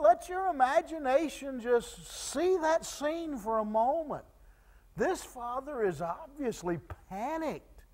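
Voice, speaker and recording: A man pastor preaching a sermon, stammering on restarts and swinging from loud urgency to hushed tones. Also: very high voice.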